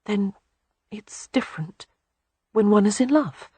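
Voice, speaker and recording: A narrator lifting the voice for a shy young woman overcome by love, breathless and trembling. The raised tone is airy and husky, close and dry on the mic. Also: expressive, measured pace, a little mellow, no room sound. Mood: breathless longing. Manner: breathless, shaky, higher-pitched delivery.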